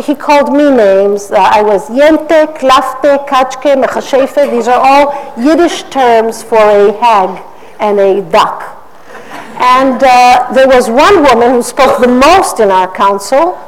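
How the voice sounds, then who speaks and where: A middle-aged woman giving an animated public talk, with playful mimicry of others. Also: a little high. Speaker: speaker. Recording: roomy hall, faint ambience.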